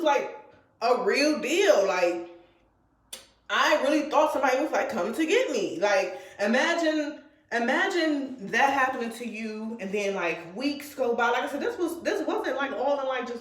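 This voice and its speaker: A woman's voice: a little high, echoey room. A woman vlogger telling a personal story in a casual, rambling way, full of fillers and restarts. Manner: rambling, filler-heavy retelling.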